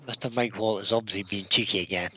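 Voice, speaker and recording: A man's voice: lowish voice, fairly even intonation, quick pace, pushed and bright, breathy edge. A man hosting a casual livestream, reading out long lists of viewer names and laughing easily. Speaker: livestream host.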